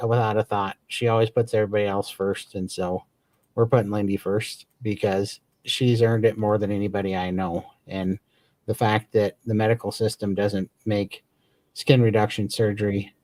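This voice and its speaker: A man's voice: on the low side, fairly even intonation, normal speed, darkish tone, no room sound. A man co-hosting a casual livestream chat, talking with eager, grateful enthusiasm and rambling restarts. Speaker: podcast co-host.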